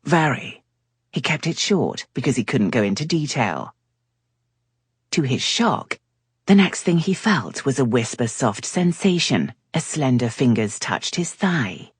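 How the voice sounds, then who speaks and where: A woman narrating a romance audiobook with wry, expressive storytelling. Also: a bass voice, unhurried, husky, no echo, studio quality.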